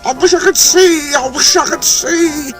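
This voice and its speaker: A man voicing a small, eager young male steam engine who cries out in high, fretful bursts and pants with effort. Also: unhurried, fairly bright tone, faint music behind.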